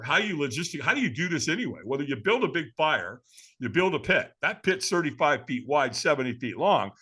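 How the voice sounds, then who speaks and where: A man tells a personal story on a podcast with big swings in his voice, dramatic and often laughing. His slightly high, bright tone gives it a keyed-up edge, and he talks to the host like a buddy. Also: breathy edge. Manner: casual, addresses the host as man and brother. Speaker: podcast guest.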